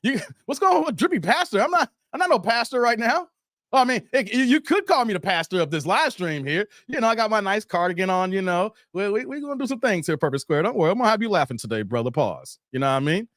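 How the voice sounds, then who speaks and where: Male stream host, higher voice, playful banter, dry close sound. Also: very animated, quick pace, fairly bright tone, no echo. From Chicago area. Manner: laid-back, playful, trash-talking banter. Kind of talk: casual live stream chat reading comments.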